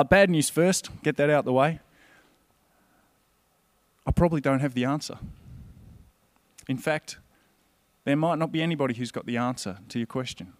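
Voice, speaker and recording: A man's voice: mid-range voice, no echo. A man preaching a sermon in a conversational, earnest way. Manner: conversational, earnest, with quoted inner voices.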